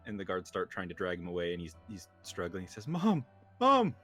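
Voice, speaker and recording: A man's voice: sits low, little pitch movement, fast talker, a bit bright, faint music behind. A man narrating a tabletop game as game master, hesitant, with frequent ums.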